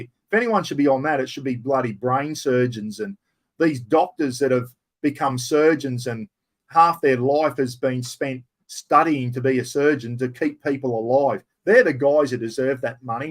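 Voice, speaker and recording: A middle-aged Australian man hosting a casual live stream, answering viewer questions in a blunt, rough-spoken, matey way. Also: medium pitch, moderate pace.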